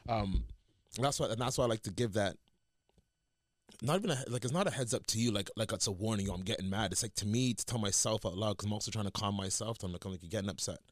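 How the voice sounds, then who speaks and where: A man's voice: lowish voice, fast talker, dry recording. A man co-hosting a podcast in casual chat, rambling with many restarts and acting out what he says to himself. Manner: rambling, many restarts and quoted self-talk. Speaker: podcast co-host.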